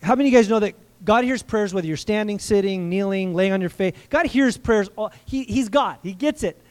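A man preaching a sermon in a conversational way, asking the congregation questions and slowing down to stress key phrases. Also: sits high. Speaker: pastor.

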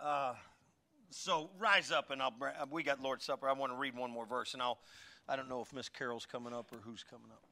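A man preaching a sermon, telling a funny personal story with lively swings between loud bursts and quiet asides. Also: mid-range voice, fairly quick. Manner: animated, jokey, swings between shouting and muttering asides. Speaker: pastor.

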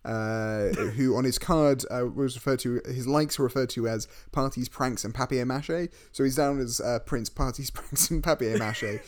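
A man's voice: mid-range voice, moderate pace, hardly any pauses. A man co-hosting a casual chat, wry and joking as he reads out a ranked list. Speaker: podcast co-host.

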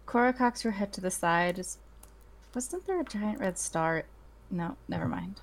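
A woman playing in a tabletop game, reacting with quick asides and exclamations. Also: mid-range voice, creaky. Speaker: player. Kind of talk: casual chat at a tabletop game.

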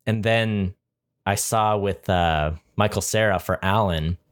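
A man with a somewhat low voice chats casually about a film as a podcast co-host. He talks enthusiastically and rambles, with plenty of fillers along the way. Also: a little slow. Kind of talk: casual chat.

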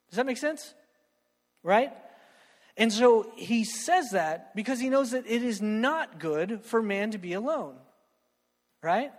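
A young man with a high, bright voice preaches a lively sermon, joking and checking in with "right?" after nearly every point. His voice rings with a long hall reverb, as if filling a church. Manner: animated, joking, keeps asking "right?".

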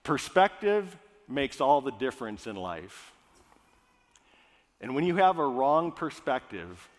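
A male pastor from Minnesota, praying and then preaching in an earnest, conversational way. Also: a little high. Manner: earnest, conversational, restarts phrases. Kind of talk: sermon. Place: church sanctuary. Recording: echoey hall.

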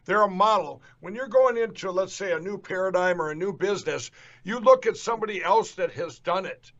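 On dull lo-fi audio, a man hosting a political interview show rallies his listeners with emphatic, repetitive talk in an Upper Midwest American accent. He speaks fairly quickly in a high, fairly bright voice.

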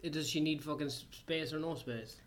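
A man's voice: a little high, fairly quick. A man co-hosting a casual podcast with his wife, crude and jokey, swearing often. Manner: crude, swears a lot, joking. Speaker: podcast co-host. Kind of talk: casual chat. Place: university student housing.

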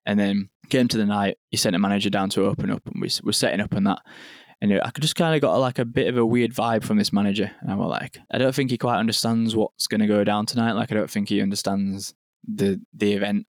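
A man's voice: on the low side, fairly even intonation, quick pace, no room sound, studio quality. A young man, telling a story in casual podcast chat, rambling and sweary with lots of "like". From England. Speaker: podcast guest, venue owner.

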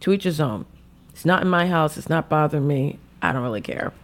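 A woman hosting a podcast, recapping a reality show in casual, animated chat and dropping "like" often. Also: deep voice. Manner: chatty and animated, heavy use of "like"; puts on quick voices when quoting people. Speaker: podcast host.

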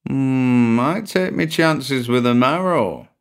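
A man's voice: mid-range voice, animated, slow pace, clear, resonant tone, pitched above the performer's own voice. A man doing a chirpy old British pensioner. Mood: eager amused. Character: older man, lively, easily tempted pensioner.

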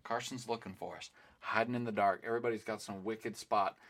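A young man co-hosting a podcast, telling a rambling story in a playful, animated way. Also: fairly low pitch, fairly quick. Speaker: podcast co-host. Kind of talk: casual chat.

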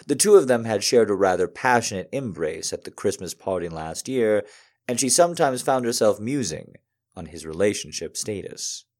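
A man reading a romantic story aloud to an audience in a calm, measured way with soft pauses. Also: fairly low pitch.

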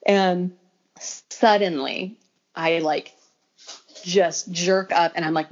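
A woman's voice: low-pitched, steady tone, unhurried. Brief: young woman, podcast guest, chatty filler-heavy storyteller, slightly muffled lo-fi sound. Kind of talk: casual interview. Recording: slightly dull lo-fi audio.

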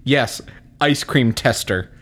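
A man's voice: mid-range voice, takes it slowly, a bit bright. Joking man with a mid-range voice on a podcast. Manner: joking, teasing, laughs often. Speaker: podcast co-host. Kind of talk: casual chat.

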